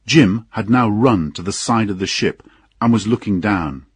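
A man narrating an audiobook in an unhurried, expressive storytelling manner. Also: on the low side, slightly rough, dry recording.

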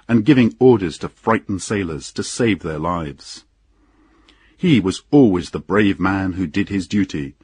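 A man narrating an audiobook in an unhurried, expressive storytelling manner. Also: sits low, slightly rough, dry recording, clean studio sound.

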